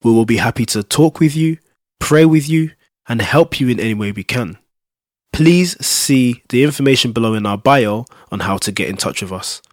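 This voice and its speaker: A man reading a polite, steady closing announcement for a church podcast. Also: mid-range voice, moderate pace, no room sound, studio quality.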